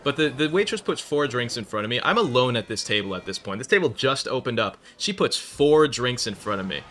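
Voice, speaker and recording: A man's voice: medium pitch, big pitch swings, a little fast, fairly bright tone. A man telling a rambling story while playing a video game, swearing and breaking off to react to the match. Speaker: gaming video creator. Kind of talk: casual storytelling over live gameplay.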